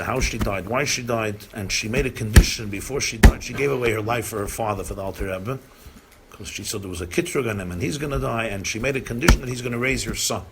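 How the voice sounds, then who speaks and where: A man's voice: lowish voice, gravelly, heavy background noise. A man, a rabbi, telling stories at a community gathering, acting out dialogue and mixing in Yiddish and Hebrew phrases. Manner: animated storyteller, acts out dialogue, mixes Yiddish and Hebrew phrases. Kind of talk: storytelling talk at a gathering.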